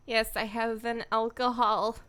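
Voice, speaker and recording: A woman's voice: on the high side, fairly bright tone, smooth. A young woman, a voice actor, chatting casually on a home stream in a playful, rambling way with giggly asides.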